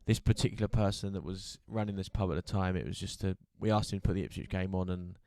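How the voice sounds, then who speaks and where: A man's voice: low voice, fairly even intonation, fast, gravelly, warm tone, no echo, clean studio sound. A man co-hosting a podcast, chatting casually and rambling through a story. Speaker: podcast co-host. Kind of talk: casual chat.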